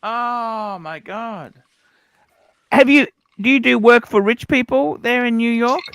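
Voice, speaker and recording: A man's voice: very high voice, takes it slowly, a bit bright, smooth. A man hosting a casual livestream, asking blunt questions and swearing freely. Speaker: livestream host.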